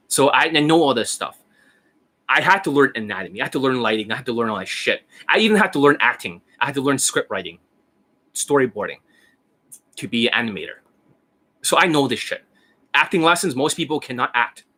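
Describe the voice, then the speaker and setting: A man's voice: mid-range voice, pushed and bright, breathy edge. A man in his forties, a dating coach, explaining in a blunt, profane, demonstrative casual talk.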